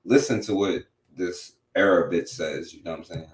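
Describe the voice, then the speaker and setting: A man's voice: low voice, normal speed, roomy sound, slight background noise. A man hosting a talk radio show, commenting on a played clip in a rambling, mocking way with lots of filler phrases. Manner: mocking and profane.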